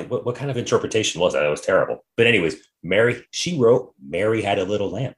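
Male podcast host, lower voice, animated storyteller, reads old quotes aloud. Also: fast talker, few pauses. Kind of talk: casual history chat.

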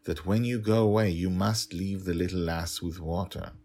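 A man voicing a stereotypical Irish nanny with an Irish accent, gentle but firm, who speaks softly and insists without raising her voice. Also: sits low, steady tone, normal speed, voice pushed up.

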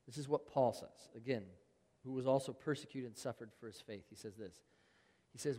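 A man's voice: medium pitch, a little fast, dark tone, long reverb tail. A man preaching a sermon in an earnest, conversational way, reading scripture aloud to his congregation. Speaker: pastor.

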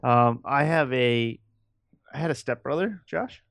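A man's voice: mid-range voice, animated, a little slow, gravelly, a bit bright, no room sound, studio quality. A man co-hosting a casual podcast, laid-back and joking, with crude quips. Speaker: podcast co-host. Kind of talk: casual chat.

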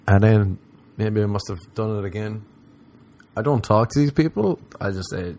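A man's voice: brisk, a little mellow. Profane Irish man telling stand-up stories. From Ireland. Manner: rambling, profane, mocks others in put-on high voices. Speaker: stand-up comedian. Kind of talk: stand-up comedy storytelling.

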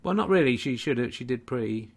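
A man voicing a boastful Welsh male alter ego in a put-on, sing-song Welsh accent, drawn-out and cocky. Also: mid-range voice, expressive, gravelly.

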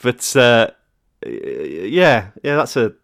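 A man hosting a casual chat podcast, animated and jokey, laughing often and leading into new topics. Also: mid-range voice, extremely slow, gravelly. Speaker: podcast host.

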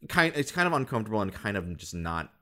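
A man with a very low voice chats casually as a voice actor. His pitch swoops widely up and down, and he hesitates and restarts a lot while staying relaxed. He laughs wryly from time to time. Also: quick pace. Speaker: voice actor, podcast co-host. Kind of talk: casual chat.

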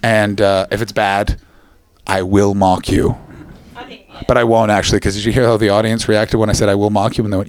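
A man's voice: lowish voice, steady tone, fairly quick, very noisy. A man hosting a live comedy podcast, riffing brashly with the audience and swearing freely. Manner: brash, swearing, self-mocking riffs. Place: live venue before audience.

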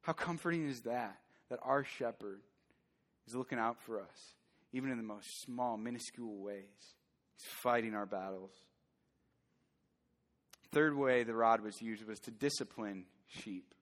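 A man's voice: mid-range voice, unhurried, long pauses, fairly bright tone. Earnest male pastor in a reverberant hall. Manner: earnest, rising to fervent emphasis. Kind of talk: sermon. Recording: long church hall reverb.

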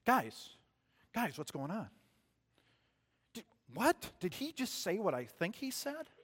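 A man voicing an eager, indignant young shepherd boy, jumping high and incredulous, in a long echoing reverb. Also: slow, slightly rough, exaggerated voice. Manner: excited, incredulous, voice jumps high.

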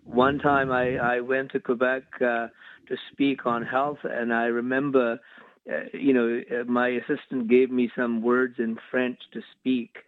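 Flat-voiced man on a phone line. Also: mid-range voice, no echo. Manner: measured, deliberate with pauses. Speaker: former cabinet minister guest. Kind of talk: phone-in interview. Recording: tinny dry phone line.

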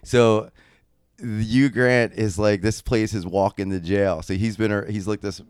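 A young man co-hosting a podcast who tells a long anecdote in a casual, animated and profane way, full of fillers. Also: fairly low pitch, measured pace, clean tone, no room sound, clean studio sound. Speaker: podcast co-host. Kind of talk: casual storytelling.

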